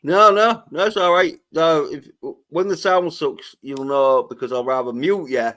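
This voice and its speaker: A man's voice: a little high, normal speed, fairly bright tone. A man hosting a casual livestream chat, swearing freely and reading out viewer comments. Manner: crude, swears freely, reads chat aloud. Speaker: livestream host.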